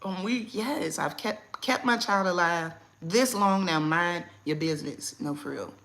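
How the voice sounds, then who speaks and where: A young to middle-aged woman, hosting a casual livestream chat from home in a blunt, animated way and laughing often. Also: on the low side, measured pace. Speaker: livestream host.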